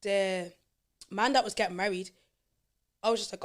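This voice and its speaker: A woman guest on a podcast, talking in quick, chatty, matter-of-fact casual conversation. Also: mid-range voice, fairly even intonation.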